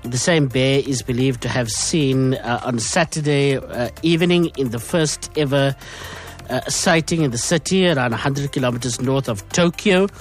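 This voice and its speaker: A man hosting a morning radio talk show, reading news in a brisk, conversational way with frequent fillers. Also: mid-range voice, soft background music.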